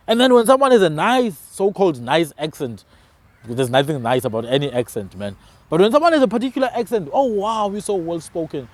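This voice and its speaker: A man's voice: a little high, darkish tone, no room sound. A South African man hosting a casual discussion, talking emphatically and often tagging his phrases with "man". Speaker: podcast host.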